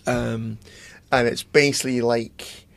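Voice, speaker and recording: A man's voice: medium pitch, fairly even intonation, takes it slowly, creaky, no echo. Rambling man, dry close sound. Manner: rambling, hesitant, swears freely. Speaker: podcast co-host. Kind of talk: casual chat.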